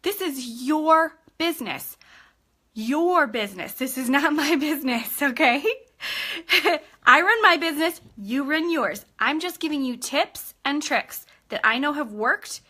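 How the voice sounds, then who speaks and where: A woman's voice: high-pitched, measured pace, pushed and bright. A young woman giving an upbeat live-streamed coaching talk as a sales team trainer, chatty and constantly checking in with her listeners.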